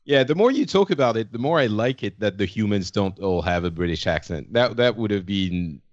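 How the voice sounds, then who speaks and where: A man's voice: on the low side, expressive, fairly quick, no echo. A man muses thoughtfully as a co-host in casual podcast chat. His audio is slightly dull and dry, as if recorded remotely.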